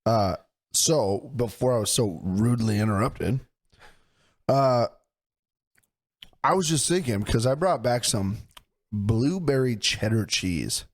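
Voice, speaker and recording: Animated man chatting on a podcast. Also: mid-range voice, takes it slowly, pauses often. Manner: animated storyteller, swears freely. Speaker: podcast co-host. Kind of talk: casual chat.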